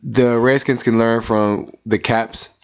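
A man's voice: medium pitch, fairly even intonation, takes it slowly, clean tone. Wry male sports radio co-host. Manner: wry, teasing banter. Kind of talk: casual sports talk. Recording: dull, lo-fi radio recording.

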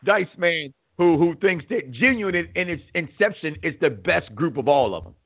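Animated man hosting sports radio, tinny line. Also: fairly high pitch, moderate pace, slightly rough. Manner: animated, rambling, repeats words when thinking. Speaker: sports talk show host. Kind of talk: casual sports radio talk. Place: radio studio.

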